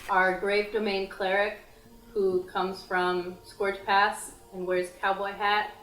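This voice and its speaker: A playful woman chatting as a tabletop player, joking as she describes her character. Middle pitch, with the sound bouncing around a roomy space. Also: flat delivery, slow, fairly bright tone. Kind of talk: casual chat. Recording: roomy echo.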